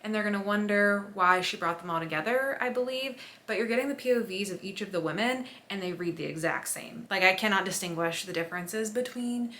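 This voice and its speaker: Bright, chatty young woman vlogging. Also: medium pitch, brisk, few pauses. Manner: chatty and excitable, rambling asides. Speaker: book vlogger. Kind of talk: casual vlog chat to camera.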